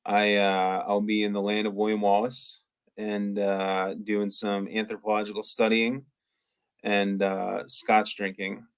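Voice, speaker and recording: A man's voice: fairly low pitch, completely flat delivery, unhurried, smooth. A man co-hosting a podcast, chatting casually and enthusiastically with lots of fillers. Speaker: podcast co-host. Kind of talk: casual chat.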